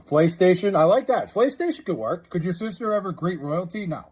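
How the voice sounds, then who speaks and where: A man livestreaming from his house, casually chatting and reading out viewer comments, loose and profane, drawling joke names slowly. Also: high voice, expressive, darkish tone, husky. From New York area.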